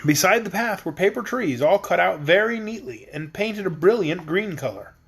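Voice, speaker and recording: Man reading a storybook, lively and high. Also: moderate pace, gravelly, slightly rough. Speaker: audiobook reader. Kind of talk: storybook narration.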